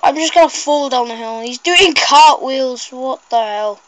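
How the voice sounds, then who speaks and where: High-voiced woman rambling over a game. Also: measured pace, no echo, rough recording. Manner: rambling, excitable, shrieks at mishaps. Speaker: gameplay commentator. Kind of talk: casual gameplay commentary.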